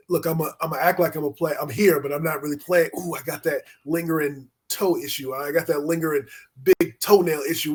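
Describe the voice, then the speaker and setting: Husky man breaking down a game lineup. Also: a little high. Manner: lively, reacts with quick interjections. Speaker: podcast co-host. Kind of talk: casual sports chat.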